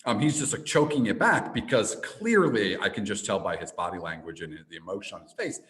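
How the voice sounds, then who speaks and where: Animated man telling a story. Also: fairly low pitch, a little fast, low-quality recording. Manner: animated, with repeated restarts. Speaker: podcast guest, entrepreneur and speaker. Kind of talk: storytelling in a casual interview.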